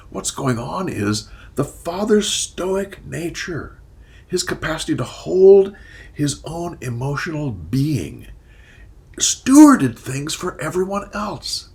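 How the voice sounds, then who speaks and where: An older man with a gravelly, creaky voice talks alone in a casual monologue. His pitch swings widely as he poses rhetorical questions, and he slips into whispered asides. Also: sing-song, unhurried, darkish tone. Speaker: therapist and commentator.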